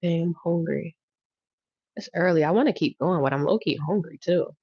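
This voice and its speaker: A woman's voice: on the low side, normal speed, a little mellow, slightly rough, dry recording. A woman doing a casual livestream tarot reading, drawling and teasing with lots of laughter and repeated phrases. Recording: dry, dull lo-fi sound.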